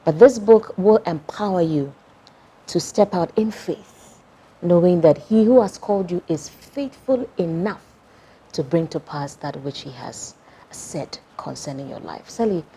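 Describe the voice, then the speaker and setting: Female talk host, husky and mellow, affirming tone. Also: fairly low pitch, animated, a little slow. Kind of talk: interview.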